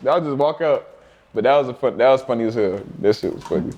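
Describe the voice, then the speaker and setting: A young man from Alabama, telling animated, profane stories with laughter in a casual interview. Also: medium pitch, quick pace, lo-fi sound, slight background noise. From Mobile, Alabama. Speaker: interview guest.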